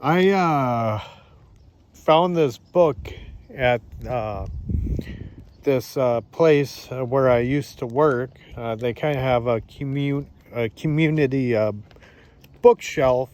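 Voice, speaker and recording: A man talking to the camera in a casual, halting way, with many fillers and restarts, outdoors in the countryside. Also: mid-range voice, darkish tone. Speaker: vlogger. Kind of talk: casual spoken reflection.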